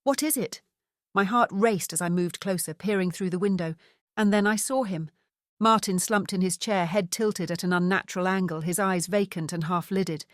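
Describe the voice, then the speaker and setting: A woman reading a first-person mystery audiobook in a steady, measured storytelling voice. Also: lowish voice, no echo, clean studio sound. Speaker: audiobook narrator.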